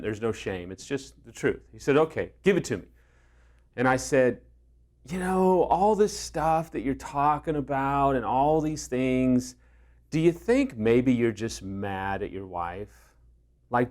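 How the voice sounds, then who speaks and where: A man's voice: medium pitch, darkish tone. A man coaching on affair recovery, talking earnestly and telling stories with acted-out dialogue. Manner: earnest, storytelling, acts out quoted dialogue. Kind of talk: direct-to-camera advice talk.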